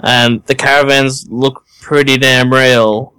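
A man at a tabletop game casually talks through what his character does, one step after another. His mid-range voice is clean and clear. The sound is dry and close. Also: medium pitch, flat delivery, takes it slowly, bright, forceful tone, dry recording, poor audio. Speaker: player. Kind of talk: casual tabletop role-play.

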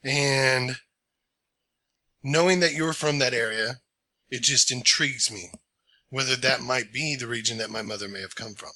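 A man voicing a reserved half-elf male ranger in a tabletop role-play, speaking in an earnest, measured way. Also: medium pitch, bright, forceful tone, natural voice.

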